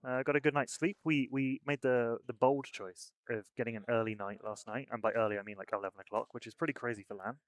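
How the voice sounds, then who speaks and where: A young man at an ordinary mid-range pitch commentates a live esports match at a rapid clip. He keeps it upbeat and brisk and slides easily into sponsor shout-outs. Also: steady tone, dry recording. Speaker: esports caster.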